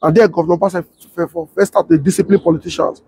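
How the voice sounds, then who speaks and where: A young adult man with a Nigerian Pidgin English accent, telling a story and acting out the voices of others in a husky tone. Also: quick pace. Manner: switches to high excited voice when quoting others. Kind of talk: animated storytelling with acted-out quotes.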